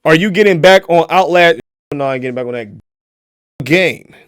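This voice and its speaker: A young man streaming a casual reaction video, profane and mocking, swinging into shouts. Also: fairly high pitch, normal speed, clean tone, no echo, clean studio sound.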